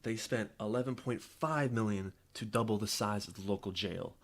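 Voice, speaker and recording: Young guy podcasting, fired up, swears a lot, kinda low voice. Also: moderate pace. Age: young adult. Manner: heated, profane, repeats himself. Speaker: podcast host. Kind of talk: angry political rant.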